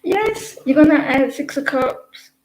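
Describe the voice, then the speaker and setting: Woman, tarot reader, unhurried, chatty, giggly, breaks off mid-sentence, roomy echo, faint noise. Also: sits high, expressive, a little mellow. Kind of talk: live casual tarot reading. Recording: echoey room with faint background noise.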